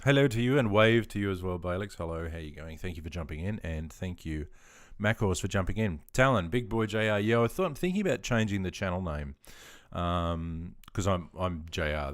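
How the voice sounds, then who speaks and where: Aussie bloke chatting on a live stream, relaxed and rambly, lots of ums, deep voice. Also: male voice, no room sound, clean studio sound. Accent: Australian. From Australia. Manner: relaxed, rambling, chuckles often, many ums. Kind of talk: casual live stream chat.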